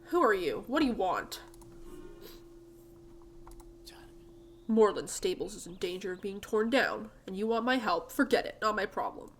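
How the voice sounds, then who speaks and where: Lady doing a gruff old farmer guy in a game, loud and curt, grumpy. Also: medium pitch, expressive, fairly quick, natural voice. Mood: hostile. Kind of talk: reading game dialogue aloud.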